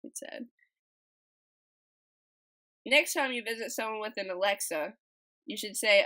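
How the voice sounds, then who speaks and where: A woman's voice: fairly high pitch, moderate pace, a bit bright, low-quality recording. A woman casually narrating over her speedpaint and reading posts aloud, rambling and giggly, with a desk mic she keeps bumping. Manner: rambling, giggly, restarts and trails off.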